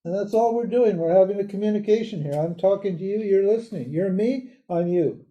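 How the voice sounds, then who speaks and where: An older man giving a live lecture on a spiritual text in a casual, animated way, laughing often and mimicking other people. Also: sits high, fairly quick, highs cut off. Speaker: Vedanta teacher.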